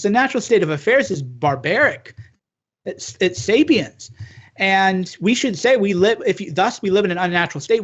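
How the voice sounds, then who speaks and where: A man talking as a guest in a casual conversation, earnest and urging, often stumbling and restarting his sentences. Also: high-pitched. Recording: dull lo-fi sound.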